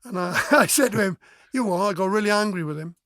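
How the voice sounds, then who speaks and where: A man's voice: sits high, expressive, quick pace, sharp tone, no room sound, studio quality. A man in his forties from Wales, a musician guest telling a personal story frankly and bluntly, acting out remembered conversations. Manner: frank, blunt, swears, acts out remembered dialogue.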